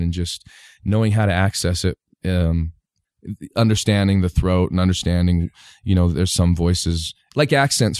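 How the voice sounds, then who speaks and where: A man's voice: low voice, a little mellow, clear, resonant tone, no room sound, clean studio sound. A man, a stand-up comedian, chatting casually as a podcast guest and explaining how he does voices. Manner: explains voice tricks by demonstrating them. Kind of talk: casual chat.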